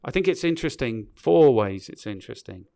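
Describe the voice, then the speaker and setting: A man's voice: mid-range voice, lively intonation, a little fast, creaky, mellow, dry recording, clean studio sound. A man hosting a casual podcast, giving opinions in a conversational way and often checking in with his co-host.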